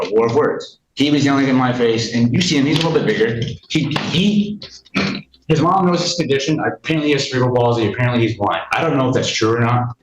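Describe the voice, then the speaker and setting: Agitated guy ranting in court, keeps repeating himself, roomy mic. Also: mid-range voice. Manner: indignant, rambling, repeats himself. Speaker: respondent in a court hearing. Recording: echoey courtroom mic, faint noise.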